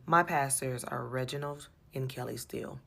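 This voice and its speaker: A woman with a low, gravelly voice tells an exasperated story about her church. She talks with animation and circles back over her points. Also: normal speed. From USA. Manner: animated, exasperated, repeats herself. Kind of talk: personal storytelling.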